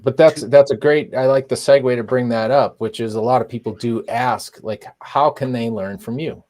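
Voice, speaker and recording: A man's voice: medium pitch, moderate pace, darkish tone. A man, joking and emphatic in casual banter on a chat show. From Boston, USA. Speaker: co-host sculptor.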